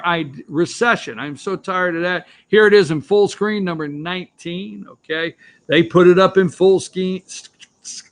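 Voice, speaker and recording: A man's voice: high-pitched, a bit bright. A man hosting a political opinion show, ranting sarcastically about the news from an office. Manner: ranting, sarcastic, repeats himself.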